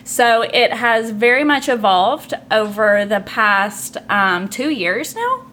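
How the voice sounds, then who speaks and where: Podcast guest, woman, Southern drawl, relaxed and talkative, faint noise behind. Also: fairly high pitch, slow pace. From southeastern Kentucky. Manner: chatty, uses fillers, says y'all. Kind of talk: casual conversation.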